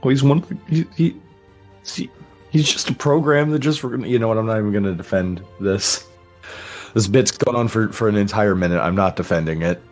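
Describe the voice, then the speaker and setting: A man with a fairly low voice runs the tabletop game as its game master. He jokes with the players and often breaks off sentences to start over. Faint music plays underneath. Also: a little fast. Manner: jokey, trails off and restarts. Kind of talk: casual tabletop game chat.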